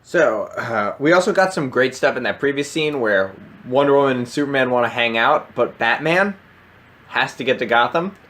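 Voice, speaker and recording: A man's voice: medium pitch, lively intonation, moderate pace, a bit bright. A man co-hosting a podcast, recapping a cartoon episode plot in casual chat, dry and matter-of-fact. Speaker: podcast co-host.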